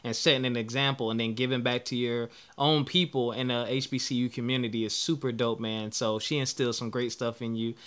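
Man, podcast host, bright forceful tone, upbeat and encouraging. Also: medium pitch, steady tone, fairly quick, few pauses, clean tone. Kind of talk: casual interview conversation.

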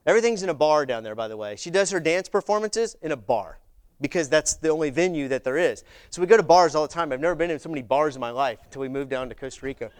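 A middle-aged man preaching a sermon, telling stories in an animated way and acting out the voices of people he quotes. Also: fairly high pitch, quick pace, clean tone. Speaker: visiting pastor.

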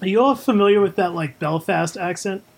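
A co-host in a relaxed comedy brainstorm, rambling and laughing through ideas. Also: mid-range voice, fairly quick, creaky, breathy edge. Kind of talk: casual comedy brainstorm chat.

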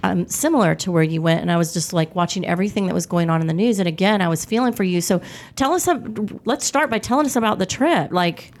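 A woman hosting a casual podcast interview who reacts quickly and stays engaged. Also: lowish voice. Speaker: podcast host.

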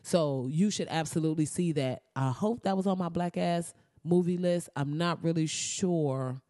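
A young woman in a casual reaction vlog, talking excitedly and profanely, laughing often and slipping into mock-outraged asides. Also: fairly low pitch, normal speed, no room sound, studio quality. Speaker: vlogger reacting to a movie trailer.

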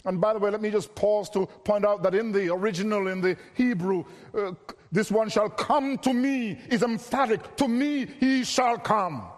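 High-voiced preacher in a reverberant hall. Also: male voice. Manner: earnest expository preaching, drawn-out emphatic phrases. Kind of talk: sermon.

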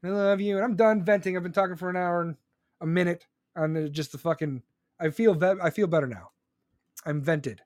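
Male podcast host, high voice, rambling profane rant, dry close mic. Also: fairly quick, no echo. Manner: loud, profane and rambling, with sudden pitch jumps. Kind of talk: live podcast venting monologue. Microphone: close studio microphone.

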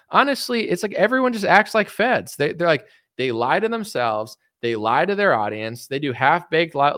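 A man's voice: on the high side, a bit bright, no room sound, clean studio sound. A man giving rambling, sarcastic political commentary in a solo vlog, full of "it's like" and mocking quotes.

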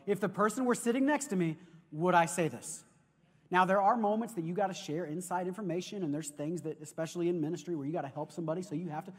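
A man preaching a sermon as pastor, telling stories in an animated way and often repeating words as he goes. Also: high voice, fast. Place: church sanctuary. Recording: long reverb of a large hall.

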